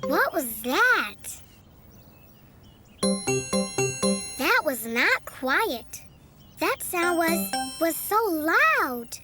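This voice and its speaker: Picture a very high, bouncy young bunny boy, curious and playful, as a woman puts him on. He talks at a slow, drawn-out pace with big swoops up and down, like he is teaching toddlers. Loud children's music plays behind him. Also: sing-song, exaggerated voice. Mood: hushed curious. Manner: slow, sing-song, exaggerated for small children. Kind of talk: children's learning video.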